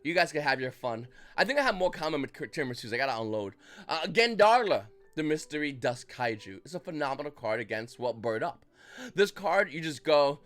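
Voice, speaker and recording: Animated man running a card-market rant. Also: fairly high pitch, fairly quick. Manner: animated, acts out buyers' reactions in mock voices; loose, rambling delivery with restarts. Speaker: trading card market commentator. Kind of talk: casual market commentary vlog.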